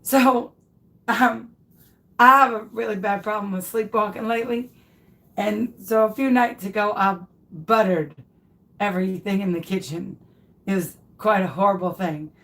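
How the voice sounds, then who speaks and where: A woman's voice: mid-range voice, normal speed, fairly bright tone. A woman in her thirties hosting a craft video, casually telling viewers a funny personal story with lots of laughter and restarts. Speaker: craft tutorial host.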